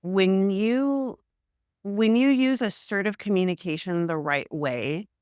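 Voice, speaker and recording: A woman speaking as a guest therapist in a casual podcast conversation, frank and animated, acting out everyday examples. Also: mid-range voice, slow, smooth, no echo, studio quality.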